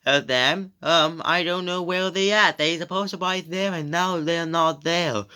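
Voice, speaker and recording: A man's voice: on the high side, measured pace, pushed and bright, clean tone. A man performing a homemade toy play, speaking hesitantly and repeating words, with frequent gasps. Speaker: narrator and performer of all roles.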